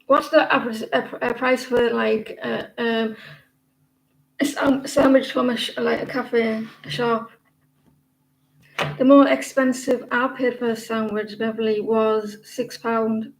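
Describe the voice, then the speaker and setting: British woman livestream host, slightly high, gravelly voice, rambling and casual. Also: little pitch movement, unhurried, a little hiss or hum, low-quality recording. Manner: chatty, rambling, many fillers and restarts. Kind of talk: casual livestream chat with viewers.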